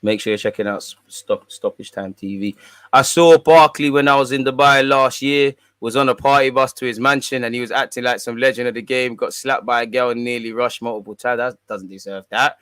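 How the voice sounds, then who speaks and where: A man hosts a fan livestream, answering viewer comments in laid-back, slang-heavy banter. His voice sits at an ordinary mid pitch. The recording is close and dry, with no room echo. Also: steady tone, brisk, fairly bright tone, clear, resonant tone. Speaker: fan channel host. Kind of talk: casual livestream chat, reading viewer comments.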